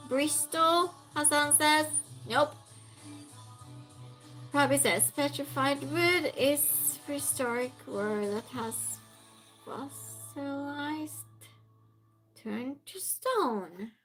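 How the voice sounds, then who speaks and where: Reading viewers' messages aloud and answering them, a woman hosts a trivia game on a live stream in a chatty, casual way. Her voice sits high and a bit bright, extremely slow with frequent pauses, set against soft background music in a rough recording.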